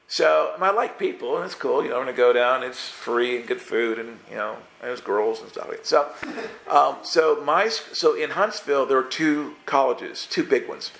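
A male pastor preaching a sermon, telling a personal story in a lively way, acting out the dialogue and often restarting his sentences. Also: mid-range voice, moderate pace, vocal fry, roomy sound, a little hiss or hum.

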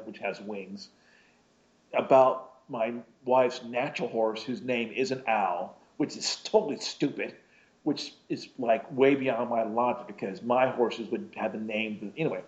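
A man's voice: medium pitch, darkish tone. A man casually telling a personal story, rambling and breaking off mid-sentence with small laughs. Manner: rambling, self-interrupting, chuckling between thoughts. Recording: dull lo-fi recording.

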